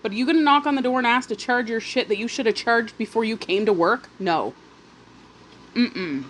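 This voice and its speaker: A woman vlogger telling a storytime while eating, indignant and animated, with swearing and pauses to chew. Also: fairly high pitch, a little hiss or hum. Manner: pauses to eat, chewing between phrases. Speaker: mukbang vlogger.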